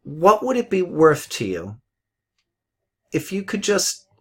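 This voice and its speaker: Brief: middle-aged male forex mentor, blunt and profane, live market commentary, chatty with laughs, pitch rises and falls a lot. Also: wildly swooping pitch, slow, fairly bright tone, slightly rough. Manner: blunt, swears, repeats himself; chatty, laughs at his own jokes.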